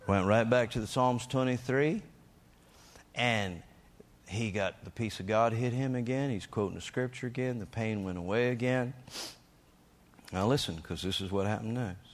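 A man preaching, telling a testimony story in an emphatic, energetic way and acting out the lines he shouted. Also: lowish voice, normal speed.

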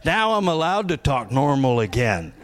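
Folksy preacher man with a lively voice. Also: mid-range voice, normal speed. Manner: folksy, joking, laughs often, swings from quiet to loud. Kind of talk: conversational sermon.

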